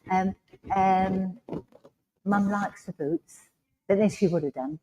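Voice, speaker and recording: A woman's voice: mid-range voice, takes it slowly, long pauses. A woman working as a medium, giving a reassuring reading to the congregation in a village hall. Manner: warm, reassuring, checks in with "all right?". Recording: loud background noise.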